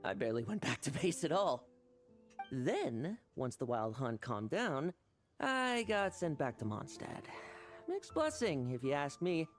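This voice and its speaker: A man's voice: on the high side, sing-song, measured pace. A man playing a confident, polite young knight vice captain in a video game. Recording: game audio with faint music underneath.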